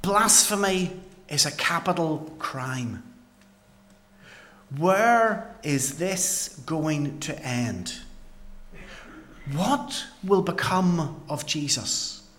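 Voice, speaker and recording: A man performing a dramatic first-person Bible monologue as a paralysed man healed by Jesus, with earnest storytelling and dramatic pauses. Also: fairly high pitch, lively intonation, a bit bright, exaggerated voice. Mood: tense.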